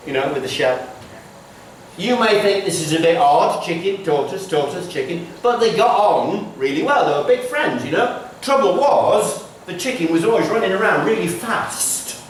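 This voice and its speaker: Playful storyteller in an echoing hall. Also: male voice, high-pitched, expressive, moderate pace, slight background noise. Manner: chatty, playful asides. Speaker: visiting storyteller. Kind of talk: storytelling to schoolchildren. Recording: echoey hall from far off.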